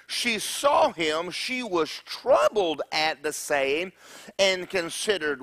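A male pastor preaching a sermon, animated and joking as he retells a story. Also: sits high, slow, no room sound.

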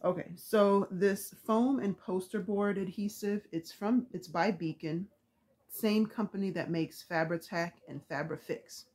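A woman's voice: mid-range voice, a little slow, darkish tone. A woman vlogger chatting casually about craft supplies, rambling with lots of fillers, with the hiccups.

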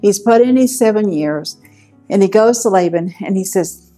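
A woman's voice: mid-range voice, lively intonation, moderate pace, warm tone, soft background music. A woman teaching a Bible story with vivid, dramatic retelling and repeated words for emphasis.

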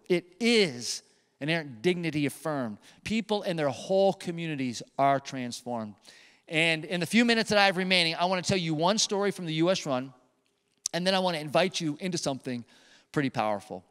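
A male pastor delivers his sermon in an animated storytelling manner, leaning on emphatic repetition. His voice sits high and comes through smooth and resonant. The sound carries a long reverb from a large church sanctuary.

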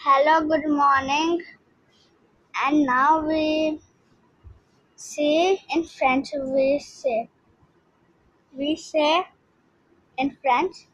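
A woman with an Indian English accent giving a slow, informal language lesson, pausing often and repeating words. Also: high-pitched, fairly even intonation, no room sound, low-quality recording. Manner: slow, halting, repeats words, frequent pauses. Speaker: language teacher.

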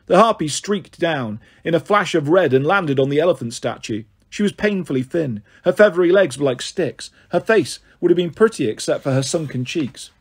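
A man narrating an audiobook in a steady reading voice, now and then stumbling on a word. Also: fairly high pitch, normal speed, hardly any pauses, slightly rough. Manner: steady, occasionally stumbles on words.

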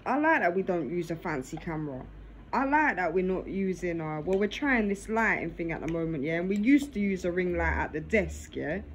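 A woman's voice: on the low side, expressive, fairly quick, slight background noise, poor audio. A woman vlogging casually to camera over dinner, filmed on a phone in her lap in her living room, tagging nearly every phrase with "yeah?". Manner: talks while eating dinner.

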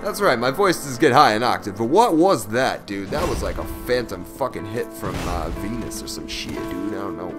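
A man giving live commentary over his own gameplay, excitable and profane, breaking from low muttering into loud yelps. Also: moderate pace, hardly any pauses, music in the background.

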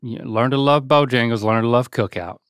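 A man's voice: mid-range voice, a little fast, a bit bright, smooth, no echo, clean studio sound. A middle-aged man with a light Southern accent, co-hosting a podcast in wry, joking casual chat. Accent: Southern US, softened. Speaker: podcast co-host.

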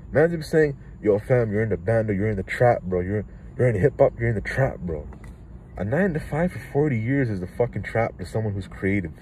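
A man's voice: lowish voice, mellow, a little hiss or hum, rough recording. A man in his twenties with a Toronto accent, a rapper delivering a heated, profane vlog rant that jumps from thought to thought. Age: 20s.

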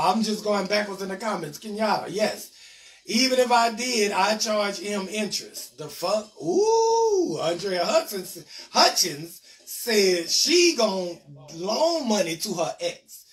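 Male comedian host, high voice, reads viewer comments with loose jokes; off-mic, music playing behind. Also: distant mic. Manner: loose, joking, talks back to commenters. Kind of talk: live-stream commentary reading viewer comments.

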